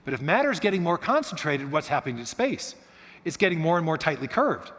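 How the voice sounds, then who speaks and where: A man giving a guest talk in a church, explaining in an animated storytelling way with frequent restarts. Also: fairly high pitch, fairly quick. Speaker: guest speaker. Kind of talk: lecture-style talk. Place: church hall. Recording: long hall reverb.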